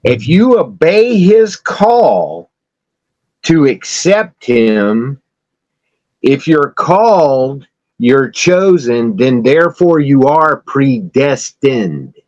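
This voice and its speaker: A man's voice: medium pitch, sing-song, drawn-out words, a little mellow, dry recording, highs cut off. A man in casual podcast chat, talking about faith in an emphatic, blunt way. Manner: emphatic preacher-like delivery, blunt and straightforward.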